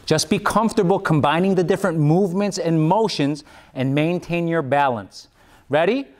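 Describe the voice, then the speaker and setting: A taekwondo instructor leads a guided workout, out of breath as he encouragingly calls out commands and kiai shouts. His voice is on the high side at normal speed.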